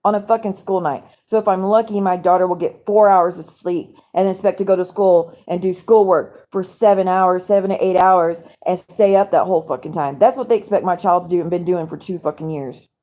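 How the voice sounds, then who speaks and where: A woman rants angrily into her live stream at home at night, cursing freely and rambling from one complaint to the next. Her voice is dark and mellow, and she talks straight to her viewers in a casual way. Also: lowish voice, fairly even intonation, brisk, few pauses. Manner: angry, profane, rambling rant to viewers. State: angry.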